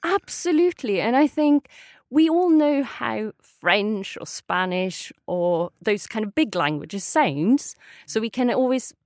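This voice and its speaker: A woman with a Swedish accent, a Swedish teacher modeling phrases clearly in a friendly language lesson dialogue. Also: on the high side, lively intonation, slow, a little mellow, dry recording, studio quality. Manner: clear, careful modeling of phrases with sing-song intonation.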